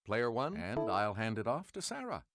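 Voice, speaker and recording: Lively quiz show host man. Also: medium pitch, background noise. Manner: crisp, measured announcer delivery. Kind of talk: reading quiz clues and answers.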